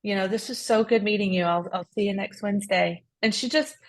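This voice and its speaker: Speaking a little fast in an ordinary mid-range voice, a female co-host relates a heartfelt story during a casual faith podcast for a ministry. She's earnest and restarts her sentences a lot.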